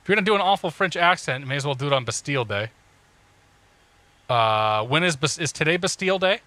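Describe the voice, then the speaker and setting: A man's voice: on the high side, expressive, quick pace, sharp tone, no echo. A man casually talking through cockpit checklists on a live stream, joking and greeting chat viewers as he goes. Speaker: flight sim streamer.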